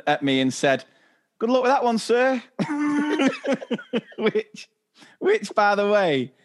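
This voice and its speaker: Lively man telling school stories. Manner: animated storyteller, acts out kids' voices high and loud. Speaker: podcast co-host and teacher. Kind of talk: casual chat.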